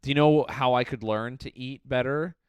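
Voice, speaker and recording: A man's voice: medium pitch, normal speed, smooth, no echo. A man co-hosting a podcast in casual chat, riffing playfully and laughing often. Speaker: podcast co-host.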